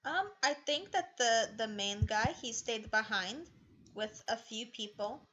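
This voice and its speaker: A woman with a higher voice speaks in character during a tabletop game. She is upbeat and chatty, and the recording comes through a dull, lo-fi mic. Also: animated, slow, fairly bright tone, a little hiss or hum. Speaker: player.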